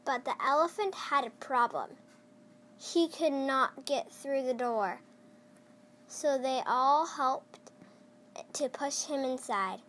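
A child reading a picture book aloud, slowly and with small stumbles and restarts. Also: high voice, fairly bright tone. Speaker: storyteller.

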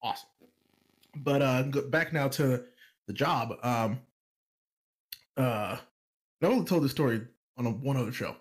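A man casually telling a personal story on a podcast, animated, acting out other people's lines and laughing often. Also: medium pitch, unhurried, long pauses.

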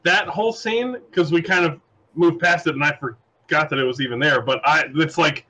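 A man's voice: on the high side, normal speed, pushed and bright, rough recording. A man who is a guest on a podcast, joking loosely and chuckling as he talks about a movie. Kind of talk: casual movie review chat.

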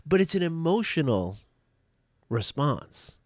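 A man's voice: on the high side, big pitch swings, slow, dry recording, clean studio sound. A man, a meditation teacher, giving a casual motivational talk, chatty and full of restarts and "right?" tags.

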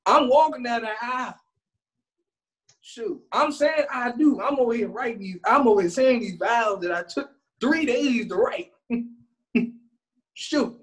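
A man's voice: very high-pitched, animated, a little slow, long pauses, a bit bright. A man in casual chat, joking around with a slangy, playful delivery and frequent laughs.

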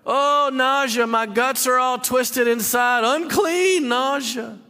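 A whiny man fussing over his petty ailments, put on by a preacher, high and drawn out. His voice is bright and sharp. It rings out with a long hall reverb behind it. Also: slow pace, exaggerated voice. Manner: high, whining, exaggerated complaint.

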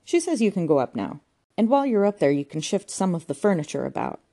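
A woman's voice: fairly low pitch, big pitch swings, quick pace, vocal fry, dark tone, voice pushed up, heavily acted. A woman doing a breezy, cheeky housekeeper. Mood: airy.

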